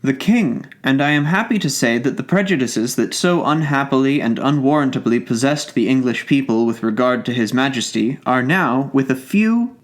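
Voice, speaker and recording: Storybook part: a man doing a cold, emphatic, lecturing doctor, medium pitch. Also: lively intonation, moderate pace, few pauses, close to an everyday voice. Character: stiff, self-assured Tory doctor, cold and emphatic. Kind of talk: audiobook character reading.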